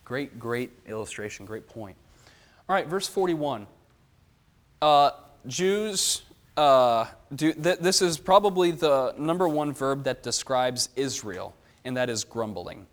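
A man leading a Bible study, explaining verses and asking the group questions in an animated way. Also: medium pitch, slow pace. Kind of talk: teaching a Bible class.

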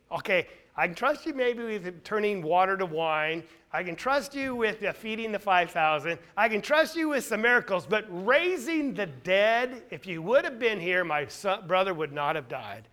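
Emphatic high-voiced male preacher. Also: very animated, normal speed, hardly any pauses. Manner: emphatic, asks rhetorical questions; swings between loud stress and quiet asides. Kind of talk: sermon.

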